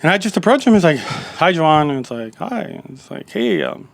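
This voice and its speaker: Gravelly man telling a long story. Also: on the high side, very animated, normal speed, no echo. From Calexico and Mexicali area. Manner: rambling, laid-back, full of fillers and quoted dialogue. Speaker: executive chef, podcast guest. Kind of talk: casual storytelling interview.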